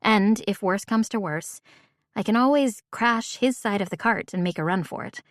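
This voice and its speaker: Audiobook narrator: woman, mid-range voice, wry measured first-person read, dry booth sound. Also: medium pitch, no room sound.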